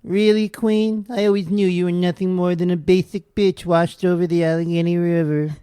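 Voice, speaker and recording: A man putting on the voice of a condescending, flamboyant older male socialite, high and babyish, drawling slow withering put-downs. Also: level tone, mellow, smooth, no room sound, clean studio sound, close to an everyday voice. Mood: catty.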